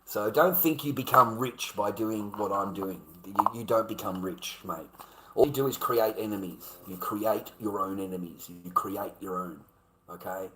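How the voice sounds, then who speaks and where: A man's voice: lowish voice, normal speed, sharp tone, echoey room, a little hiss or hum, low-quality recording. Profane rambling Australian man. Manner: profane, rambling, swears heavily. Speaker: video creator. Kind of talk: casual rant to camera.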